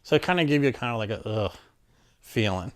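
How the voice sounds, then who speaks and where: A man from Maryland speaks in a middle-pitched, everyday voice, telling his own story in a loose, rambling way. He slips into the voices of the people in his story as he goes. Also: lively intonation, brisk. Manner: plainspoken, rambling, acts out quoted exchanges. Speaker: interviewee. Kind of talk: casual personal storytelling.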